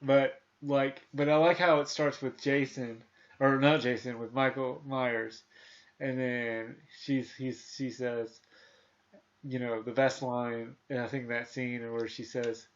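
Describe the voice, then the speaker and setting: A man's voice: mid-range voice, level tone, slow pace, lo-fi sound. A man in his thirties hosting a casual movie review chat, rambling with many restarts and fillers. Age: 30s. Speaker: podcast host.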